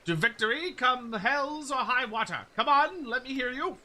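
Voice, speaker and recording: A man voicing a gruff veteran drill sergeant who barks scornful orders at recruits, reading game dialogue aloud. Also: extremely high pitch, expressive, moderate pace, bright, forceful tone, pitched above the performer's own voice, exaggerated voice. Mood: barking. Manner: barking, scornful.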